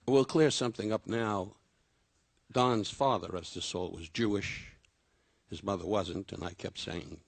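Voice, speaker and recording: Gravelly older man telling rambling stories. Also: on the low side, steady tone, a little slow, no echo. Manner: rambling anecdotal storytelling, self-deprecating. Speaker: comedian giving a tribute. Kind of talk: memorial tribute speech.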